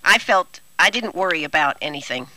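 A woman's voice: on the low side, lively intonation, a little fast, pushed and bright, no echo, rough recording. Chatty woman hosting a dry-sounding radio show. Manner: chatty, upbeat, laughs often. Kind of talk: casual radio interview chat.

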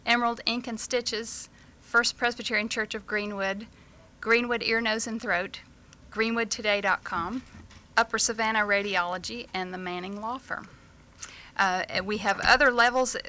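A woman guest on a radio show reading out a list in a steady, matter-of-fact way. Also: a little high, normal speed.

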